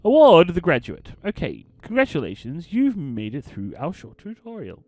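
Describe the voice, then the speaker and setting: Lively, playful game commentator man. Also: fairly high pitch, moderate pace, no room sound. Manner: playful, theatrical, reads game text in a storytelling tone. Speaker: gaming channel host. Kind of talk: let's play commentary and reading game text aloud.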